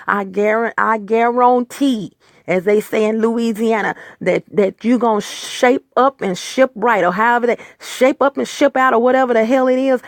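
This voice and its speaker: Lady venting hard on her channel, stumbly and fired up, raspy fry in the voice. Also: on the high side, normal speed, dry recording, clean studio sound. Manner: heated, exasperated, rambling with stammers. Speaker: vlog host. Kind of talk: angry personal rant.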